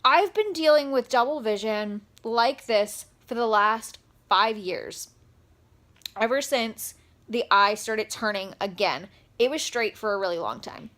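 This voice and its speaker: A young woman talking straight to camera in a personal vlog, upset and close to tears, speaking haltingly with many pauses and fillers. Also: on the high side, animated, fairly bright tone. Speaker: vlogger.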